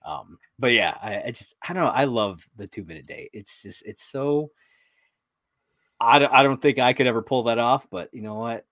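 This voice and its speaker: A man's voice: medium pitch, normal speed, a bit bright, no room sound. Podcast guy rambling about an episode, laughs a lot, dry close mic. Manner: rambling, laughs often, swears casually. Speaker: podcast co-host. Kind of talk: casual chat recapping a sitcom episode.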